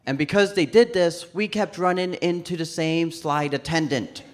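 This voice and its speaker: This stand-up comic's voice sits on the high side, and he talks at a moderate pace. Performing for a live crowd at a comedy club, he tells a story and mimics the other characters' voices.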